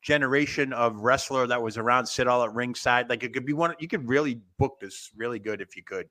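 A man's voice: mid-range voice, a little fast, bright, forceful tone. A man hosting a casual online wrestling chat, rambling and laughing, trailing off with fillers as he thinks aloud. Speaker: podcast host.

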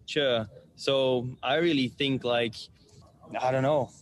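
A man's voice: mid-range voice, steady tone, slow pace, slight background noise. A man who plays darts, speaking as a guest in a casual interview, laughing easily and good-humoured.

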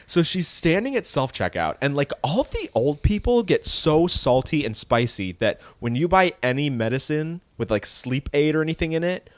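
Animated male podcast co-host. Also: on the high side, normal speed, hardly any pauses, no echo. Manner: animated storytelling with quoted voices. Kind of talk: casual chat.

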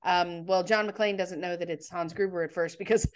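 A woman's voice: on the low side, fairly even intonation, moderate pace. A woman co-hosting a casual chat, retelling a film's plot in a chatty way with many ums. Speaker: podcast co-host. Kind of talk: casual movie recap chat.

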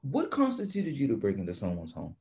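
A man with a northern US accent, co-hosting a casual chat in a teasing, animated way. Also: lowish voice, brisk. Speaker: podcast co-host.

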